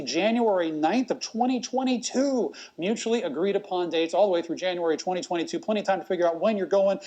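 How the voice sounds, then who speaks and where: A man's voice: high voice, darkish tone. A man hosting a live online charity auction, hyping items, calling bids and joking with viewers. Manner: upbeat, fast-talking, joking hype. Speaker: auctioneer host.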